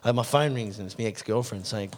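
A man's voice: on the low side, quick pace. An Australian man telling brash stories on a casual podcast, swearing freely. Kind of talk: casual storytelling chat.

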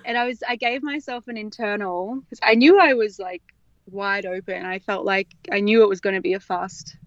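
A woman's voice: medium pitch, steady tone, moderate pace, no echo. Woman guest telling a personal story, open and chatty with frequent laughs, on a dull dry recording. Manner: candid, chatty, laughs often. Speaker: guest sharing her birth story. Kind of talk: casual interview.

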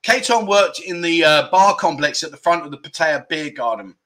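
A man's voice: fairly high pitch, lively intonation, moderate pace, sharp tone. A man from England hosting a casual livestream, rambling through self-deprecating banter and reading out viewer comments. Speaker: livestream host.

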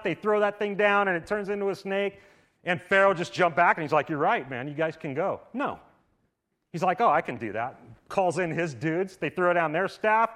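A male pastor preaching a sermon in a church, casual and conversational, with frequent asides, swinging from loud emphatic stretches to quiet hushed ones. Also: sits high. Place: church sanctuary.

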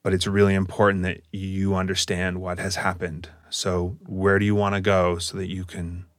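Man playing a deep-voiced minotaur hunter, big and awkward, halting and earnest, dry close sound, tabletop game. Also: completely flat delivery, no room sound, natural voice. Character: huge male minotaur hunter, awkward with people.

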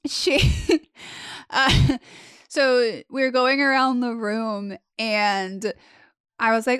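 A woman's voice: fairly high pitch, steady tone, very slow, a bit bright, smooth, dry recording, studio quality. A young woman co-hosting a podcast in casual chat, rambling with many fillers and frequent laughs. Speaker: podcast co-host.

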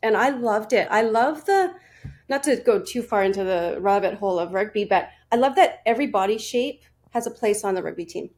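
A woman's voice: mid-range voice, lively intonation, brisk, a little mellow. A woman in her forties, a fitness and nutrition coach, chatting as a podcast guest, with frequent laughs and restarts. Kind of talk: casual interview storytelling.

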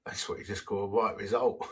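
A man's voice: lowish voice, slightly rough, far from the mic. A man who is a vicar, telling a story in a sermon in a self-deprecating, anecdotal way and acting out the quotes.

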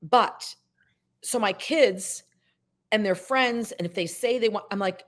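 A woman in her sixties from upstate New York, a guest actress telling stories in a chatty, animated way on a podcast. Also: medium pitch, a little slow. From Syracuse, New York. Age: 60s. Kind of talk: casual podcast chat.

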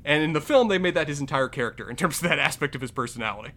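Talkative man, slightly higher voice. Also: animated, very fast, fairly bright tone. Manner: detailed, talks in long run-on points with restarts. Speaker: podcast co-host. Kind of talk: casual review chat.

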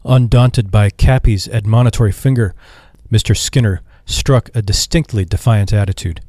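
A man reading an audiobook in measured, expressive narration. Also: fairly low pitch, no echo, studio quality. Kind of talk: scripted narration.

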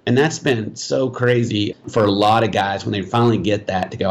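A man's voice: lowish voice, a little fast, hardly any pauses. A man giving marriage advice in an interview, telling stories and acting out quotes. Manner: animated storytelling, acts out quotes. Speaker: guest, marriage advisor.

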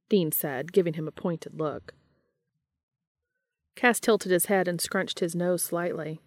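Woman narrator for fan fiction, low pitch, dry close sound, measured reading. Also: steady tone, darkish tone, dry recording. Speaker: fanfiction reader.

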